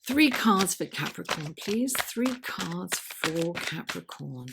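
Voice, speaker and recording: A woman reads tarot cards for a weekly horoscope in an unhurried, chatty way. She takes her time over each phrase and drops to a soft murmur when she calls on the cards. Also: on the low side, lively intonation, vocal fry, very noisy. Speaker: tarot reader.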